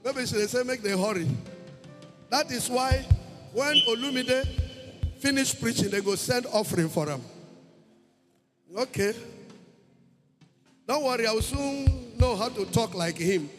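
A man preaching a sermon, emphatic and repetitive, breaking into shouted praise. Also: very high-pitched, unhurried, long pauses. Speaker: pastor. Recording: long hall reverb with faint music.

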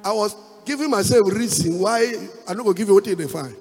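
A man giving a testimony as a pastor, with emphatic preaching and half-sung phrases that build to loud exhortation. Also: high-pitched, a little fast. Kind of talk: sermon testimony. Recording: echoey hall with music behind.

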